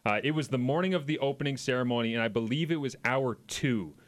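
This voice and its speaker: A man's voice: medium pitch, quick pace. A middle-aged Canadian man co-hosting a sports radio show, chatting casually, rambling through stories and laughing often. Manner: laughs a lot, rambling storyteller. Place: radio studio.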